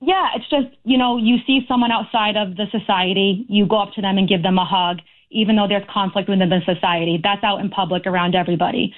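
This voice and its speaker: A woman's voice: mid-range voice, fairly even intonation, fast talker, few pauses. Female caller, earnest and aggrieved, heard over a thin phone line. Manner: earnest, aggrieved, talks in long runs. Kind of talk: call-in talk radio. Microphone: telephone.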